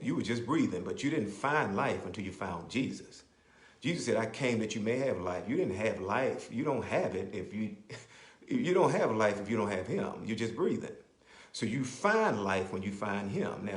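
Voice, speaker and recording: A man preaching a sermon as a bishop, repeating phrases, checking in with "right?", and slowing down to explain scripture. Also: on the low side. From Maryland, US. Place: church. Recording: roomy echo.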